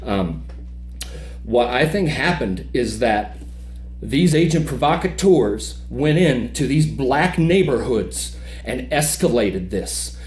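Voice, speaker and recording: A man's voice: mid-range voice, lively intonation, slow, a little mellow, roomy sound. A man talking as a podcast guest in casual conversation, heated, emphatic and profane.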